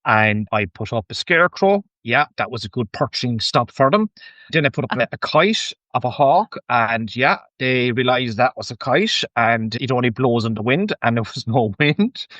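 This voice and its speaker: A man's voice: medium pitch, normal speed, no room sound, dull audio. An Irish man who farms, telling an anecdote as a podcast guest and acting out what people said to him. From Ireland. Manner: animated anecdote-telling, acts out quoted speech, chuckles often. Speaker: guest farmer. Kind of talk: casual storytelling interview.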